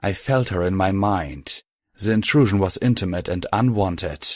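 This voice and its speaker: Male audiobook narrator, lowish voice, dry close sound. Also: moderate pace, a little mellow, no echo. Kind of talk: scripted narration.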